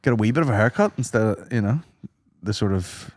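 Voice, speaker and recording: A man, co-hosting a podcast, bantering and teasing with loud laughs. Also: fairly low pitch, animated, quick pace, no echo, clean studio sound. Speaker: podcast co-host. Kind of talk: casual chat, banter.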